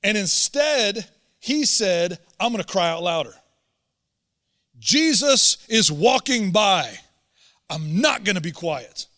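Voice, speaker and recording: A man's voice: high-pitched, big pitch swings, takes it slowly, pauses often, bright, forceful tone. A man preaching a sermon as a pastor, earnest and emphatic, often repeating words as he presses a point. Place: church auditorium. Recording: long church hall reverb.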